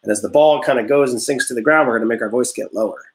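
A man's voice: mid-range voice, rapid-fire. Upbeat man teaching a music class. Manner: upbeat, encouraging, talks to kids step by step. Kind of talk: online music class warm-up. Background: guitar notes played under the talk.

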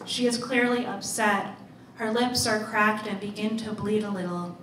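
A woman author reading her own story aloud in a measured, deliberate way. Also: mid-range voice, flat delivery, a bit bright, a little hiss or hum. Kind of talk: literary reading. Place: live reading event. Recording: roomy, distant mic, faint ambience.

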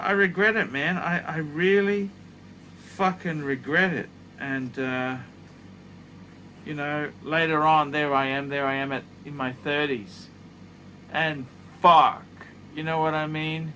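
Slow, bright-voiced blunt man in his fifties. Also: medium pitch, slight background noise. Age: 50s. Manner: blunt, profane, emphatic. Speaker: watch reviewer. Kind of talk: casual advice monologue. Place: office studio.

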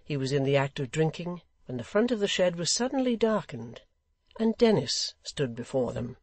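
A man narrating a classic novel audiobook in a measured, deliberate way. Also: a little high, sing-song, dry recording.

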